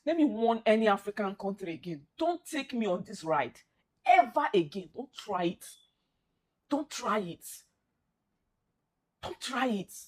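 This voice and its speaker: A woman's voice: medium pitch, very animated, normal speed, a little mellow. A young woman with a Nigerian accent ranting as an upset football fan, pleading and repeating herself. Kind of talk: emotional reaction rant.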